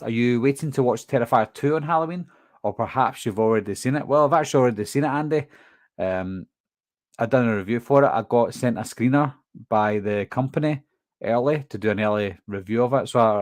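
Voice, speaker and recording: Casting: Glasgow-accented man hosting a live stream, chatty, medium pitch, dry close sound. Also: fast talker, no echo. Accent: Glaswegian Scottish, toned down. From Scotland. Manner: chatty, reads viewer questions and answers them. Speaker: horror movie channel host. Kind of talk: casual live stream chat.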